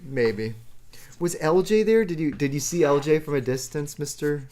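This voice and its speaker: A man's voice: a little high, normal speed, dark tone. A man streaming live, answering viewer chat in a rambling, self-deprecating way and chuckling often.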